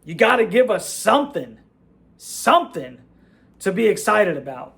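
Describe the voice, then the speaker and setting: A man's voice: sits high, sing-song, normal speed, gravelly, fairly bright tone. A man venting in a fired-up fan reaction rant as the channel's host, repeating himself and dropping "bro" and "man". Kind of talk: ranting fan reaction vlog.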